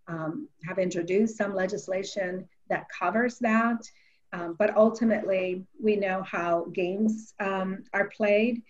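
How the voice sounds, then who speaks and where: A woman elected official giving earnest, halting panel remarks over a video call. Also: lowish voice. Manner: earnest, halting, with frequent restarts. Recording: dull lo-fi video call audio.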